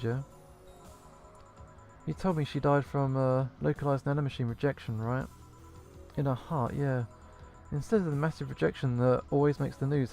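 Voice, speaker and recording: Man voicing a guarded, grieving woman from a game, measured, gravelly tone. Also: mid-range voice, a little mellow, lightly acted. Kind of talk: reading game dialogue aloud. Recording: faint game music behind.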